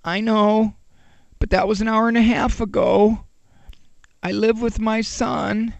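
Man putting on a worn-out mom begging the priest, higher voice, soft and pleading. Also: little pitch movement, takes it slowly, gravelly, no room sound, muffled recording, full character voice. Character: weary overwhelmed mother seeking confession.

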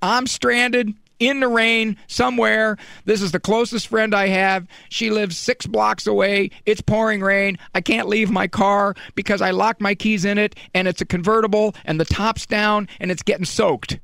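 A man's voice: high voice, steady tone, normal speed, vocal fry, hardly any pauses, a bit bright, no room sound, clean studio sound. A man hosting a radio show, delivering a comedic monologue with exasperated, pleading storytelling.

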